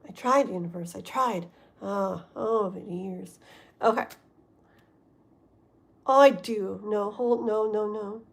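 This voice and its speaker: A woman's voice: medium pitch, slow pace, long pauses. A woman giving a livestream tarot reading, rambling and often checking in with her listeners. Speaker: tarot reader.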